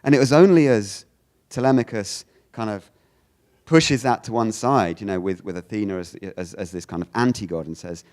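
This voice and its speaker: A man from the United Kingdom giving a lecture, animated, often restarting his sentences and acting out quoted lines. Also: lowish voice, moderate pace. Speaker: speaker giving a talk.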